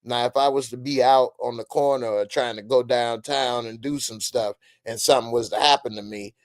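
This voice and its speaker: Male streamer host, mid-pitched, loose and animated, breaks into laughter, dry close-mic sound. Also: brisk, no echo. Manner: animated, loud bursts, frequent laughter. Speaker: host reacting to a TV episode and reading chat. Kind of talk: casual live-stream reaction chat.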